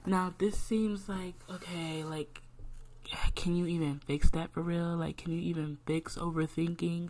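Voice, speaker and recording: Low-voiced young woman, candid faith talk. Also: fairly even intonation, a little slow, dark tone. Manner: candid, talks to herself aloud, lots of "like". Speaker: podcast host.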